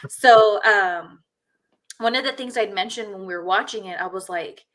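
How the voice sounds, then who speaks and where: Woman podcast host, mid-pitched, blunt and rambling, loose casual chat. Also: moderate pace, fairly bright tone, a little hiss or hum. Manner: blunt, rambling, many fillers.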